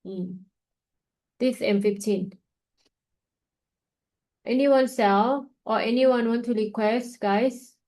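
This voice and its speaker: A tired, yawning woman hosts a trading webinar, offering live market analysis as she casually thinks aloud over the charts, with loose grammar and plenty of fillers. Her voice is on the high side and darkish, with fairly even intonation, a slow pace and long pauses, and the audio quality is poor.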